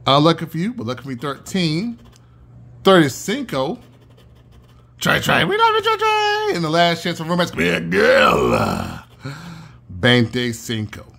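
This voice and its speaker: A man's voice: on the high side, vocal fry, a bit bright, slightly rough. A man hosting his own channel, chatting casually while scratching lottery tickets and calling out numbers in a sing-song chant. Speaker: channel host.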